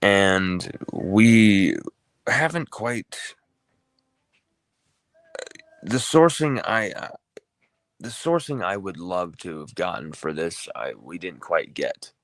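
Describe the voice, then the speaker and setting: A man's voice: sits low, animated, takes it slowly, long pauses, dry recording. A man hosting a casual sports talk livestream, rambling and conversational, often correcting himself mid-sentence. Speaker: sports talk show host.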